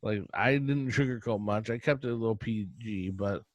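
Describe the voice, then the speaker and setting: A middle-aged man hosting a podcast, telling a rambling casual story in quick bursts with frequent laughs. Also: lowish voice, no room sound. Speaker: podcast host. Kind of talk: casual chat.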